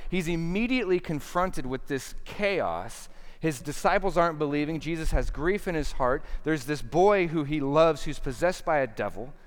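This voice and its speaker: A man in his thirties preaches with earnest conviction. His voice is smooth and resonant, and it carries a long reverb from a large hall. He drops to a near hush, then swells to emphatic points. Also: a little high. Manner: earnest, swings between hushed and emphatic. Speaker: pastor. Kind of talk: sermon.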